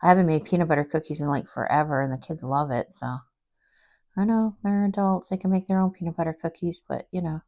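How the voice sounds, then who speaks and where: A middle-aged woman talks casually to her camera in a craft vlog, rambling from one everyday story to the next. Her voice sits a little low, and she fills her pauses with fillers. When she quotes other people, she turns lively. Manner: animated when quoting others. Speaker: craft vlogger.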